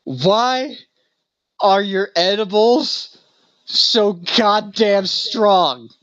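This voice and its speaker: A man voicing a tearful, pleading man in a car, overwhelmed by edibles, in a high, strained voice. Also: very slow, a bit bright, no room sound, heavily acted. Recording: dry, slightly dull recording.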